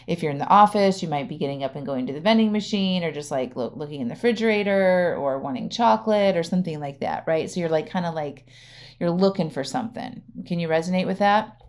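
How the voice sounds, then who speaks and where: A chatty woman coach hosting her own podcast, with a slightly low voice. She talks straight to her listeners in a relaxed, conversational way, tagging many sentences with "right?" or "okay?" and laughing easily. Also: brisk. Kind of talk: casual solo podcast talk.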